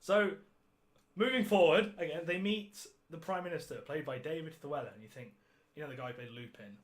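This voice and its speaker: A podcast host reviews a film in casual chat, ranting sarcastically, swearing freely and laughing at his own jokes. His voice is a little high and a little fast.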